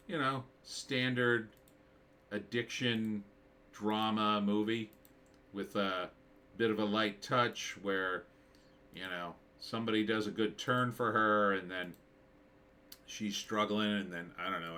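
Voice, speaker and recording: Rambling man with a bright, forceful voice. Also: lowish voice, fairly even intonation, unhurried. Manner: rambling, thinking aloud with many fillers. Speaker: screenwriter reviewing a movie trailer. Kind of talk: casual trailer reaction commentary.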